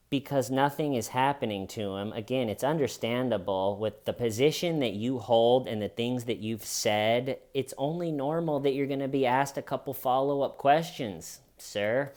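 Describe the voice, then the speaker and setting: A man gives casual comedic commentary in a wry, sarcastic tone. His voice sits at an ordinary middle pitch for a man. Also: animated, a little slow.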